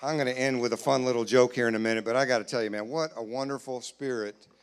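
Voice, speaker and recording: A man doing a stand-up comedy set in a church, playfully acting out both sides of conversations with loud put-on voices. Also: mid-range voice, fairly even intonation, quick pace, a little hiss or hum. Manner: playful, jumps to loud acted voices for his wife and himself. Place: church sanctuary, live audience.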